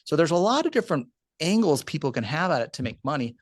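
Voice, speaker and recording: A man guesting on a podcast, telling a client story in a lively, animated way with rising emphasis. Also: on the high side, quick pace, no room sound, studio quality. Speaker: podcast guest, retirement account specialist. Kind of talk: conversational storytelling.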